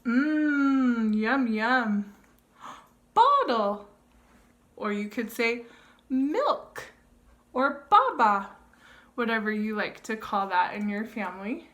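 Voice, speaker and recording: Slow, sing-song woman reading to toddlers. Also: a little high, animated, a bit bright. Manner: slow, exaggerated and sing-song, with gasps and sound effects. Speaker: early childhood educator. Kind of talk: reading a board book aloud to toddlers; explaining tips to parents.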